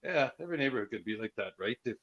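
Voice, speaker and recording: A man's voice: mid-range voice, animated, very fast, a crowd in the background. A man talking as a guest on a chat show, easygoing and folksy, telling stories. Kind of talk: casual chat. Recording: dull lo-fi recording.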